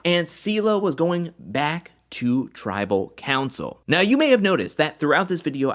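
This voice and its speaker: Animated man recapping a reality show. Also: mid-range voice. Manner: animated storytelling, acts out quotes. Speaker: recap host. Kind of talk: episode recap commentary.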